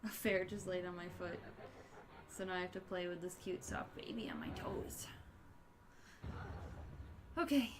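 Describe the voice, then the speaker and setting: A woman giving excitable live commentary as she streams a video game, gasping and yelping at what happens on screen. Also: lowish voice, a little slow, long pauses, background noise.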